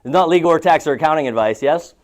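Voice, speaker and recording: Talking fast in a slightly high voice, a man leads a live seminar for real estate agents. His style is chatty storytelling mixed with questions thrown out to the room.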